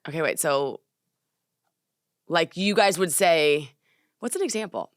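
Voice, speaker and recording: Animated young woman, lively swooping pitch. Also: measured pace, no room sound. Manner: animated storyteller, laughs often. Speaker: podcast co-host. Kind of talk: casual chat. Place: studio.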